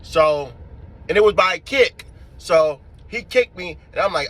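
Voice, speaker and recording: Guy telling a wild story, swearing a lot, acting it all out, bright sharp voice. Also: high-pitched, a little slow. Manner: profane, animated, acts out scenes. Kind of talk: casual storytelling to camera.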